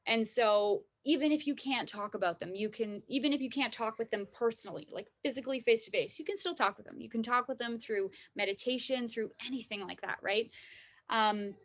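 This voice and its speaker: A woman with a somewhat high voice talks through self-love in an easy, conversational way. She keeps checking in with her listeners, tagging her thoughts with "right?" and "you know?" as she goes. It sounds like a wellness teacher chatting, not someone reading a script. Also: brisk, a bit bright. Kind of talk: casual self-help talk.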